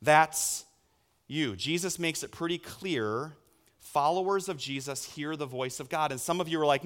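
A man in his thirties preaching a sermon as a pastor, telling stories with sudden loud bursts. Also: a little high, unhurried.

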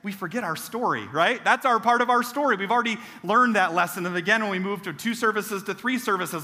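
Pastor guy preaching, bright kinda high voice, acts out the people in his stories, long church reverb. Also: brisk, few pauses. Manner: animated, acts out quoted voices with self-deprecating humor. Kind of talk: sermon with personal storytelling. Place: church sanctuary.

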